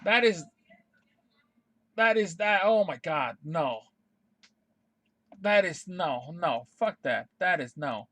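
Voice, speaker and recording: A young man with a high voice for a guy rants live to his stream chat. He is heated and exasperated, swears freely and keeps circling back to the same flat refusals. The sound is dry and close, with no room echo. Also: slow, pauses often. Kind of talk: unscripted rant to stream chat.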